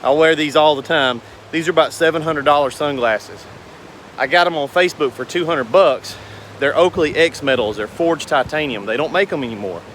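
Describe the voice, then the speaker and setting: Folksy man, somewhat high voice. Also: normal speed, fairly bright tone, slight background noise. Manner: rambling, earnest, folksy. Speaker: business owner vlogger. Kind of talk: casual talk to camera.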